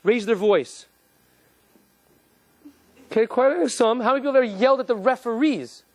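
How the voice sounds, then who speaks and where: A man, a rabbi, giving an animated, joking lecture and quizzing his live audience. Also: very high-pitched, moderate pace, no echo.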